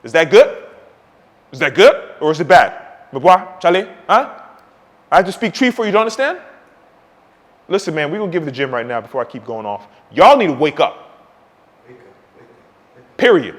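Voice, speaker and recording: Man, 40s, high-pitched podcast host, fiery tough-love motivational rant, reverberant room. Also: very animated, normal speed, pauses often. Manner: loud, preachy, swings between shouting and muttering.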